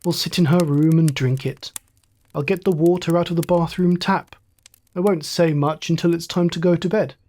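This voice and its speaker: A storyteller putting on a wounded young fighter pilot, a man whose thoughts run on in a light, musing way. His voice sits a little high and lifts brighter as he daydreams. He sounds dazed yet oddly cheerful. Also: steady tone, normal speed, natural voice. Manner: light, musing inner monologue.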